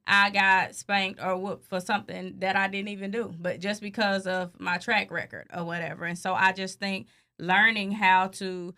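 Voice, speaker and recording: Bright-voiced storytelling mother. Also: medium pitch, normal speed. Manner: storytelling, animated, laughs often. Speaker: mother on a family podcast. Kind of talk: casual chat.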